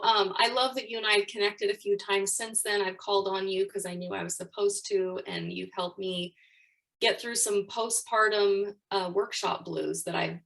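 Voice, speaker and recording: Woman guest, gravelly voice, sitting back from the mic, candid and emotional. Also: mid-range voice, a bit bright, far from the mic, poor audio. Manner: open and emotional. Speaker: life coach, podcast guest. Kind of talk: candid personal storytelling.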